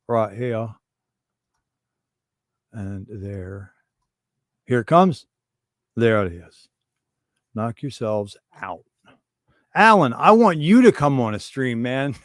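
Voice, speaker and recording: A man rambling through irreverent, conspiratorial banter as he hosts a casual livestream chat. His voice sits at an ordinary mid pitch. The sound is dry and close, with no room echo. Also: lively intonation, slow, long pauses. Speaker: livestream host.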